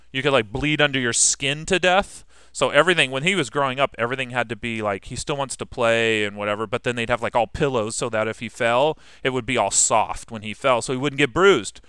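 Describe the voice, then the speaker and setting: A man's voice: medium pitch, pushed and bright, smooth, no echo, clean studio sound. A man teaching a history class in a casual, conversational way, asking his students questions and answering them himself.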